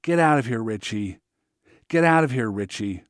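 A man voicing a huge, angry young man who lives in a woods shed, shouting in agitation. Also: lowish voice, little pitch movement, a little slow, no room sound, clean studio sound, close to an everyday voice.

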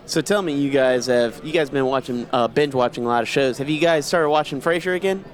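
A man's voice: mid-range voice, a little fast. A man co-hosting a podcast in casual chat, laughing a lot and swearing. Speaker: podcast co-host.

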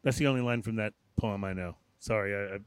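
A man's voice: on the low side, fast talker, clean tone, dry recording. A man co-hosting a casual podcast chat, rambling with lots of fillers. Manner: chatty, rambling with many fillers. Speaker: podcast co-host. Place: small room. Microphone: studio microphone.

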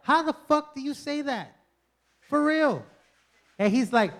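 A man doing a stand-up comedy set in a club, loud and profane, working the crowd and mocking people with impressions. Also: very high-pitched, lively intonation, a little slow, creaky, pauses often.

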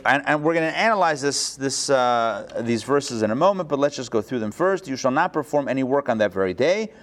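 A man teaching a live online class as a rabbi, lively and chatty, often thinking aloud and restarting his sentences, on a video call. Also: medium pitch.

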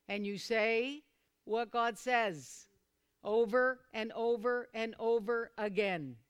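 A woman preacher with a bright, sharp voice that rings out clearly. She keeps repeating her key phrases and pushes a small group to answer her. At times she breaks into loud, fervent exclamations. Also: medium pitch. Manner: repetitive, calls for responses from listeners. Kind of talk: sermon to a small responsive group.

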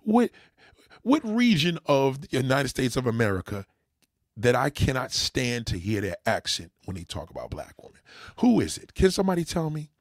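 A man's voice: mid-range voice, normal speed, no echo, studio quality. Emphatic New York man ranting. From New York City. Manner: animated, emphatic, addresses viewers directly. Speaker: livestream host. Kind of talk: opinionated livestream rant.

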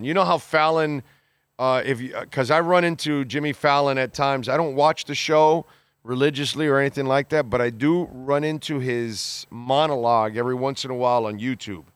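This man hosts a podcast, his mid-range voice slightly bright and clean, recorded with no room sound. He reads listener comments and responds bluntly and with exasperation in casual talk, cursing freely, restarting sentences, and leaning on many fillers.

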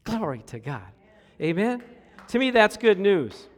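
A middle-aged man preaching a sermon, telling stories with hushed asides and sudden loud exclamations, and calling out for responses from the congregation. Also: high voice, a little slow. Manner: animated storytelling, swings from hushed to loud exclamations. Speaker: pastor.

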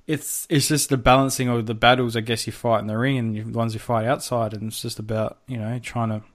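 A man's voice: mid-range voice, little pitch movement, brisk. Rambling man recapping a film. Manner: rambling, many fillers and restarts, swears casually. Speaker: podcast co-host. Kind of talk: casual chat, recapping a film.

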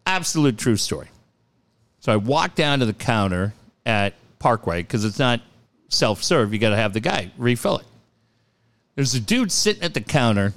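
A man's voice: medium pitch, normal speed. A middle-aged man hosting a radio show, telling profane stories in a casual chat and acting out the quotes. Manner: animated storyteller, profane, acts out quotes. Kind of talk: casual talk radio storytelling.

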